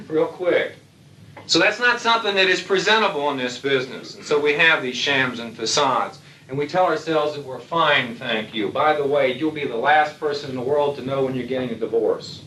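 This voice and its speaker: A man's voice: medium pitch, sharp tone, slight background noise. A man giving a lecture to military aviators in a blunt, folksy way with salty humor. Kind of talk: lecture to an audience. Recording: echoey hall, distant mic.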